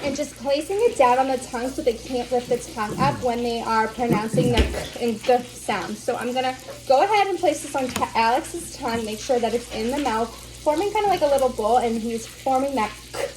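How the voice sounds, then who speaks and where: A woman teaching as a speech therapy instructor, slowly over-enunciating the sounds she models. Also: a little high, animated, noisy background. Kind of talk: instructional demonstration.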